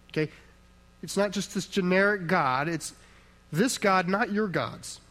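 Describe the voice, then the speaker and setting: Emphatic preacher man, slightly high voice. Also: unhurried, fairly bright tone, low-quality recording. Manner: emphatic, rhetorical questions and answers; conversational asides to the congregation. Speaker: pastor. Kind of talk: sermon.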